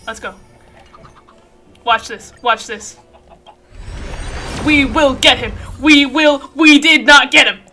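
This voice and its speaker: A high-pitched woman streams a game live, her voice bright and sharp. She talks dramatically, dropping to mutters and then bursting into shrieks, with faint game music behind her. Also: slow, pauses often. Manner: dramatic, swings from mumbling to shrieking. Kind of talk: live gaming stream chat.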